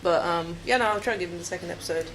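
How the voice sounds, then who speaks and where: A woman on a casual anime review show, giving unimpressed opinions with hesitant pauses. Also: on the low side, a bit bright, a little hiss or hum, poor audio.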